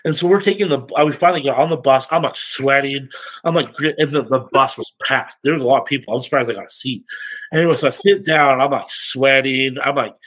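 Give me an animated man with a mid-range voice telling casual, slangy stories as a podcast guest. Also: medium pitch, fast, poor audio. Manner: animated and slangy, laughs often. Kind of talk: casual storytelling.

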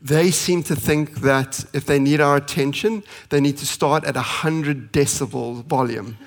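A man in his thirties preaching a sermon as pastor, earnest and pleading, slowing for emphasis and speeding through family stories. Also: on the high side. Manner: earnest, pleading, with slow emphatic pauses and fast anecdotes.

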